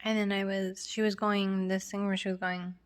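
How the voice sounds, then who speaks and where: A young woman chats casually to camera in a rambling, filler-heavy way, often restarting her sentences. Her voice sits at an ordinary middle pitch. A runny nose makes her sound a little congested. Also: flat delivery, normal speed. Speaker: vlogger.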